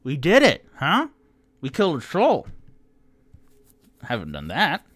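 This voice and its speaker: A man's voice: on the low side, wildly swooping pitch, slow, no echo, heavily acted. A man doing a brash seven-foot half-orc woman. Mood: boisterous. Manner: brash, chatty, swaggering.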